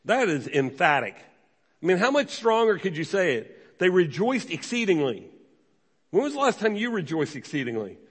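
A pastor giving a sermon, emphatic and conversational, asking the congregation rhetorical questions. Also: male voice, high-pitched, sing-song, normal speed, fairly bright tone, slightly rough, long reverb tail.

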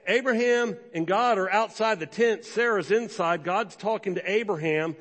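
A man with a fairly high voice preaches to his congregation, his words ringing with a long reverb off the hall. He is lively and conversational, jumping into brief acted voices for the people in his story. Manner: animated, acts out biblical characters in quick quoted voices. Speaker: pastor. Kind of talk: sermon.

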